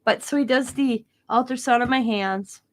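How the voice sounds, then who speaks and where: A woman's voice: on the high side, normal speed. A woman in her fifties, a crafting channel host, casually telling a story to her viewers, laughing often and acting out what others said. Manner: animated, often laughing, acts out quoted dialogue.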